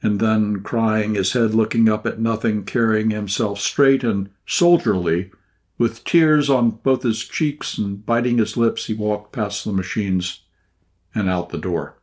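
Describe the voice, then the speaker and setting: A man reading a short story aloud in scripted first-person narration, at a measured, even pace. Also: on the low side. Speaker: audiobook narrator.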